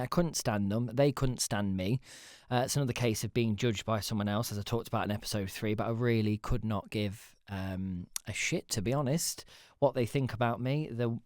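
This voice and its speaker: A man with a mid-range voice hosts a casual solo podcast, rambling and self-deprecating, with the occasional swear word. The sound is dry and studio-clean.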